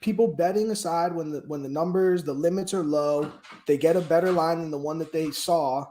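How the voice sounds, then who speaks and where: A man with a high voice co-hosts a betting podcast and explains things bluntly, with swearing. Faint noise and clicks sit under his voice. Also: a little fast, warm tone. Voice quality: blunt, profane. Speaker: podcast co-host. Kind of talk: casual sports betting chat.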